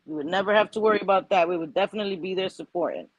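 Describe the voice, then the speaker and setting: Woman, livestream host, casual chat, animated, swears freely, dry close sound. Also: on the low side, racing, no room sound, muffled recording. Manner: animated, swears freely, acts out her own inner voice.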